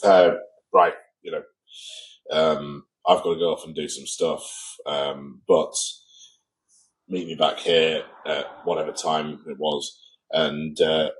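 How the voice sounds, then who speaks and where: Here a bass-voiced man from England, captured on a low-quality recording, co-hosts a podcast. In a casual chat he tells a story, voicing the people he quotes.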